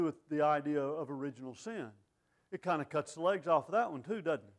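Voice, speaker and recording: A man's voice: on the high side, brisk. A middle-aged man preaching a sermon in a folksy, conversational way, full of asides and rhetorical questions.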